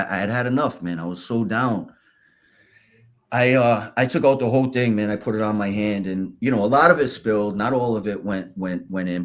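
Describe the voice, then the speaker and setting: A man, a podcast guest, telling his story candidly in a halting, casual way. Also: lowish voice. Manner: candid, halting, restarts and fillers.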